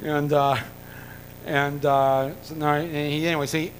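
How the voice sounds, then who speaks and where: American guy rambling through a story, lots of ums and restarts, slightly higher voice, faint rumble behind. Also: little pitch movement, measured pace, rough recording. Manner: rambling, full of fillers and restarts, wry jokes. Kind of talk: rambling anecdote told to an audience.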